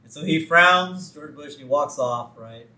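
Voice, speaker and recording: A man's voice: fairly high pitch, moderate pace. A man co-hosting a podcast, chatting casually and laughing as he recaps a cartoon episode. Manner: animated, laughing, quotes lines in put-on voices. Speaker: podcast co-host. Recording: echoey room, a bit off-mic.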